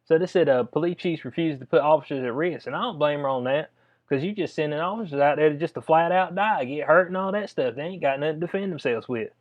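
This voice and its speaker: A man's voice: fairly high pitch, fast. A man giving casual spoken commentary, reading a letter aloud and reacting in a drawling, conversational way. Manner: drawling, conversational, addresses listener as "bud". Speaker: video commentator. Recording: dull lo-fi sound.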